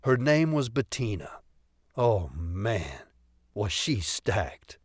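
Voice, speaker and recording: A man reading an audiobook voices a weary, rueful middle-aged cop and former radical, speaking slowly and heavily. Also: lowish voice, very animated, slightly rough, dry recording, clean studio sound, heavily acted. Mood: wistful. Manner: slow, heavy, rueful. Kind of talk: audiobook character voice.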